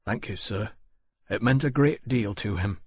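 A male narrator plays a rough, working-class dragon handler in an audiobook, speaking softly in plain, rough diction. The voice is husky and low. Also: a little slow, no room sound. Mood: tender.

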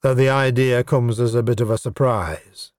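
A man's voice: mid-range voice, fairly even intonation, moderate pace, darkish tone, no echo, close to an everyday voice. A man reading a story aloud, voicing a blunt, self-satisfied male goblin leader in a dry, matter-of-fact way. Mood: earnest. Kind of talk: audiobook character voice.

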